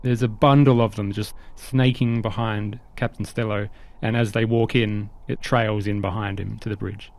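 A man's voice: fairly low pitch, level tone, normal speed, gravelly, hardly any pauses, a little mellow. A man narrating a tabletop game as game master, casual and descriptive.

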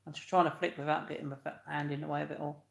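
A man hosts a casual live stream, reading comments and greeting viewers by name with loud, laughing cheer. His voice sits a little high. The room around him is echoey. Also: little pitch movement, very fast, creaky.

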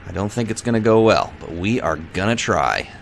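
Gravelly, jittery man streaming gameplay. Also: lowish voice, expressive, brisk, slight background noise. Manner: jittery, panicky, talks to himself and the game. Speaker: let's play livestreamer. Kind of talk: live gameplay commentary.

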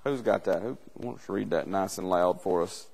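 A man's voice: sits low, normal speed, vocal fry, darkish tone, big-room sound. A man teaching a church Bible class in an earnest, conversational way, often repeating words as he builds a point.

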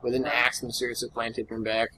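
A man's voice: mid-range voice, completely flat delivery, quick pace, sharp tone, slight background noise, rough recording. A man casually joking while playing a video game on a let's play. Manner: joking, offhand. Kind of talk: casual gaming commentary.

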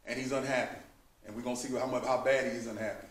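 A man's voice: mid-range voice, level tone, quick pace. A man teaching a Bible study, speaking in an emphatic, fervent preaching manner. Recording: echoey room, mic at a distance.

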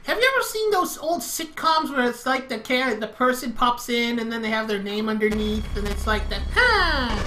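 Teasing high-voiced woman, bright sound, keeps saying we got this, faint music. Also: brisk, few pauses, slight background noise. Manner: joking, teasing, reassuring. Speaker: let's play co-host. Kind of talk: casual gameplay banter.

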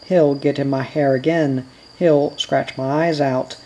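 A reader softly putting on a frightened little town girl in a storybook, slow and mellow. She sounds timid and whiny. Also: medium pitch, steady tone, lo-fi sound. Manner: fearful, whiny.

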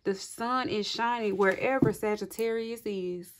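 A woman's voice: medium pitch, a little slow. Effusive woman doing a tarot reading. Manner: effusive and encouraging, often laughing, addresses viewers directly. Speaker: tarot reader. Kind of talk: casual tarot reading to viewers. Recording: clearly audible card shuffling and clicks.

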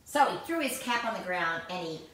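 Woman, picture-book read-aloud, bright, lively pitch, echoey room, distant mic. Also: a little fast. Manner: animated, exclamatory, chatting about the pictures. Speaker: storyteller reading a picture book.

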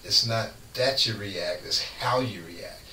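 A man who is a guest on a radio show, preaching in casual chat with fervent, lively storytelling. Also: fairly low pitch, measured pace. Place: radio studio. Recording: echoey room, far from mic, faint noise.

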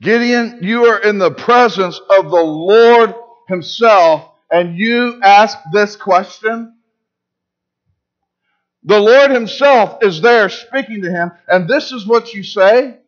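In church, a male pastor preaches emphatically and puts rhetorical questions to the congregation. He has a high voice and takes his time, and the audio is dull.

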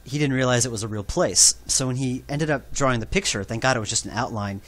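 A man's voice: mid-range voice, quick pace. A man giving a rambling, self-deprecating developer commentary for his own game. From New York.

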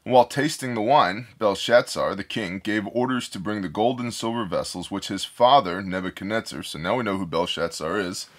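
A man's voice: on the low side, moderate pace, hardly any pauses, a bit bright. A man reading scripture aloud and breaking off to explain it in a casual, digressive way, thinking aloud as he goes. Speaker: Bible study teacher.

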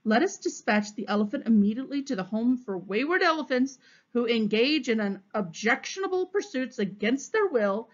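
A woman's voice: fairly high pitch, lively intonation, normal speed. A woman voicing an exasperated, sarcastic male police captain in a storybook read-aloud. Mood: exasperated sarcasm. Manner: sarcastic, clipped. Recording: dull, muffled recording.

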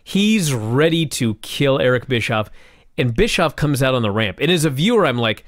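A man's voice: medium pitch, moderate pace, dry recording, clean studio sound. A man co-hosting a wrestling review podcast, telling the story with passion and plenty of swearing. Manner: animated, profane, impassioned storytelling. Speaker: podcast co-host. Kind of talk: casual wrestling review chat.

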